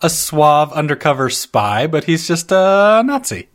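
Animated man trading wry podcast quips. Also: fairly high pitch, unhurried. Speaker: podcast co-host. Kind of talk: casual movie discussion.

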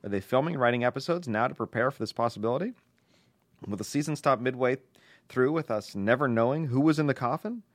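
A man's voice: medium pitch, fast, no echo. A man co-hosting a casual podcast, reading listener letters aloud in a playful, mock-formal way.

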